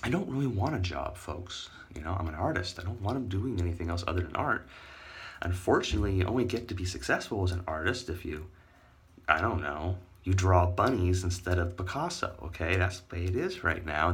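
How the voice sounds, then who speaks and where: A man's voice: low-pitched, expressive, brisk, husky. A man ranting to his viewers in a casual vlog, rambling, sarcastic and swearing, talking straight to his audience. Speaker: vlogger.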